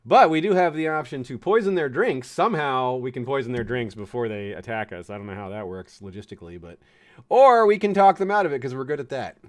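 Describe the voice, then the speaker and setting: A man's voice: mid-range voice, animated, fairly quick. A man from the United States giving chatty, chuckling commentary on a strategy game, fond of puns. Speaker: game streamer.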